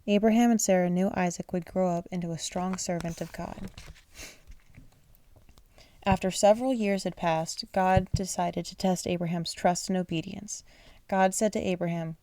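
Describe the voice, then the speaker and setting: A woman's voice: fairly low pitch, fairly even intonation, moderate pace, warm tone. A woman reading a children's bible aloud at bedtime, sleepy and yawning, often stumbling over words and apologizing. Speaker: reader.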